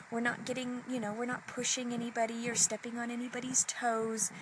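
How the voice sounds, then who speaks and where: Slow, earnest woman life coach. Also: fairly high pitch, noisy background. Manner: earnest and encouraging, slow and reflective. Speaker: life coach hosting a live video session. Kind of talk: casual motivational live-stream talk.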